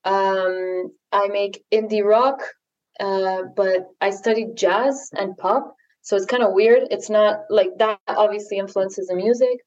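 A woman from Chile, chatting as a podcast guest in a relaxed, friendly way. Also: medium pitch, measured pace, highs cut off. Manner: relaxed and friendly, with small restarts. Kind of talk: casual chat.

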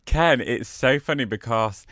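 Brief: man podcast co-host, jokey quick asides, bright tone, lively pitch, dry close mic. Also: no room sound. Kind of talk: casual chat.

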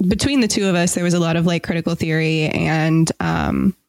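A young adult woman, a podcast guest, explaining her show in a thoughtful, casual way with many pauses and small laughs at herself. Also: on the low side, darkish tone, dry recording. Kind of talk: casual interview talk.

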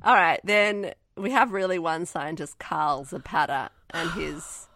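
A woman's voice: fairly low pitch, a little slow, a bit bright, no room sound, clean studio sound. A woman co-hosting a casual movie review podcast, sarcastic and swearing, acting out characters in silly voices. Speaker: podcast co-host.

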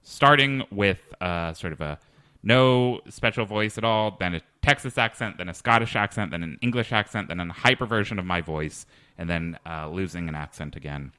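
A man hosting a comedy podcast, talking hesitantly with many fillers and a deadpan manner. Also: low voice, normal speed, clean tone, no room sound. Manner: hesitant, lots of ums and restarts, deadpan. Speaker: podcast host. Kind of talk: casual comedy podcast chat.

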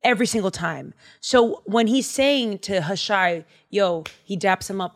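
A woman co-hosting a podcast, retelling a Bible story in casual chat, animated and slangy, acting out the dialogue. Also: medium pitch, a little slow, few pauses. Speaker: podcast co-host.

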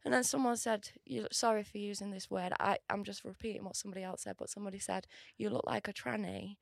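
A woman's voice: mid-range voice, steady tone, fast talker, gravelly, no echo. A woman, a podcast guest, talking candidly in casual banter, giggly and prone to swearing.

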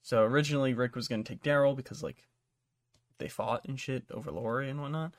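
A man hosting a podcast in a casual chat, rambling and swearing through a recap with lots of ums and likes. His voice sits at a middling pitch and is recorded dry and close, with no room sound. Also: fast, no room sound. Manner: rambling, profane plot recap with many fillers. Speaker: podcast host.

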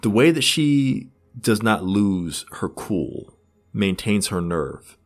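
A man giving an analytical commentary in a measured, thoughtful way, with small restarts as he searches for words. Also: fairly low pitch, sing-song, soft background music. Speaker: video essayist.

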